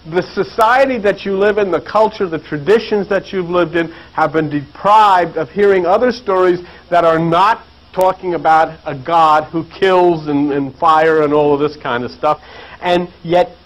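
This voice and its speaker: High-voiced man lecturing with emphasis. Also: rough recording. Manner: emphatic, building rhetorical questions; repeats phrases as he builds up. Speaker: lecturer on religion and mythology. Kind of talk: preachy lecture to an audience.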